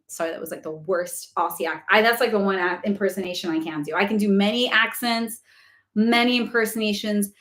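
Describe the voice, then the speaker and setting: A woman chats casually to her audience on a long live stream. She fills her talk with "like" and breaks into easy laughter. Her voice is turning hoarse after hours of speaking. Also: medium pitch, brisk, echoey room. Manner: chatty, says "like" often, laughs easily. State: voice going hoarse from talking for hours. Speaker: host of a spiritual live Q&A.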